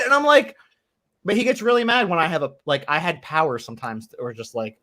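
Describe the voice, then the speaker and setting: A man in a tabletop game group telling a story about an earlier game in casual chat, animated, laughing, swearing and acting out what people said. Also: a little high, fast.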